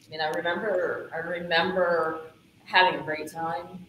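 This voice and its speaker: A woman's voice: on the low side, little pitch movement, normal speed, fairly bright tone. A woman speaking hesitantly and wistfully, struggling to recall memories. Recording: echoey room with faint hiss.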